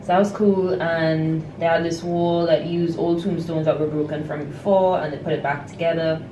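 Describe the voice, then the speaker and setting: A young woman recapping the day in a relaxed, hesitant way, with lots of fillers. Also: low voice, moderate pace, far from the mic. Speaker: travel companion. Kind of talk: casual chat. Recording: roomy, off-mic, noisy.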